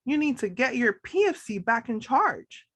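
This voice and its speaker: A woman voicing a gentle, motherly hippocampus character in a storybook who calls the girl dear. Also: a little high, big pitch swings, moderate pace, husky, no echo, exaggerated voice. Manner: soft, fond, calls everyone dear. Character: kind motherly female hippocampus, gentle and a bit scatterbrained.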